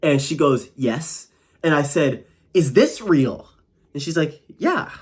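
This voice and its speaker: Young male vlogger, slightly high voice, rambling animated storyteller, casual fillers throughout. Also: takes it slowly.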